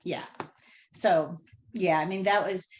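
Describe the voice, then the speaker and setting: A middle-aged woman shares a moving personal story on a talk show. Her voice sits fairly low, and she talks with a lot of animation, slipping into the voices of the people she quotes. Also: slow, a little hiss or hum. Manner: animated retelling, acts out dialogue. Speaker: caller telling of a reading. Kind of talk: emotional personal story on a podcast.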